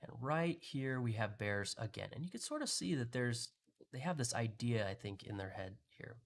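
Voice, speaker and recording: A man's voice: medium pitch, expressive, normal speed. A man hosting a live market analysis, talking through charts in a conversational way with frequent restarts. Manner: conversational, explaining with pointing phrases and restarts. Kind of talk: live trading chart walkthrough.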